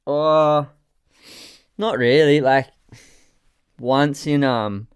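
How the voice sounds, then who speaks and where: A man's voice: fairly high pitch, drawn-out words, clear, resonant tone, dry recording, clean studio sound. An Australian man chatting casually as a podcast guest, a laid-back rambling storyteller who swears often. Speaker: podcast guest, surf photographer. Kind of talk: casual chat over a beer.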